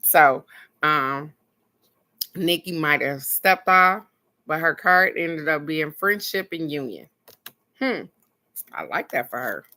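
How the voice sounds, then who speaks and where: A woman's voice: low voice, animated, slow pace, pauses often, pushed and bright. A woman hosting a casual live oracle card reading, chatting with viewers, laughing often and reading each card's text aloud.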